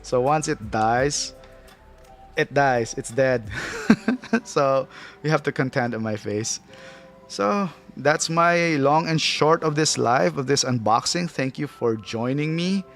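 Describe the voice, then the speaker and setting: A man's voice: medium pitch, slow pace, gravelly, fairly bright tone, faint music behind. A man from the Philippines, hosting a casual livestream, chatting loosely, reading chat aloud and laughing often. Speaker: livestream host.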